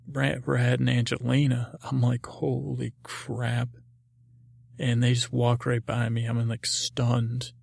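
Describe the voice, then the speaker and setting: A man hosting a podcast, rambling through a dreamlike story in halting, filler-heavy speech. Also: mid-range voice, vocal fry, breathy edge, no room sound, studio quality. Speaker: podcast host.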